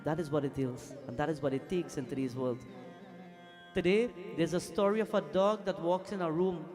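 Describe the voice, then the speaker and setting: A man's voice: on the high side, moderate pace, over music. A man giving a sermon as a pundit, telling stories and acting out the voices in them. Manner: animated preacher, acts out quoted voices, asks the crowd questions. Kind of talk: sermon with storytelling. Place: temple hall.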